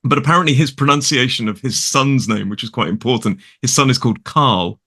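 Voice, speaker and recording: A middle-aged man with a British accent talks at easy length, wandering from point to point with plenty of fillers and restarts. His voice sits at an ordinary pitch but has a bright, forward edge. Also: a little fast. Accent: British English. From United Kingdom. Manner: chatty, digressive, with many restarts and fillers. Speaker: English teacher guest. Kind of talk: casual conversation.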